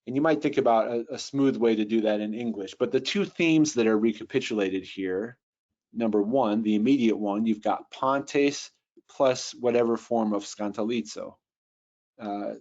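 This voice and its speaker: A man teaching Bible translation in a webinar, thinking aloud with fillers and restarts, and reading Greek words slowly. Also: lowish voice, a little mellow. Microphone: computer mic on a video call. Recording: dull lo-fi webinar audio.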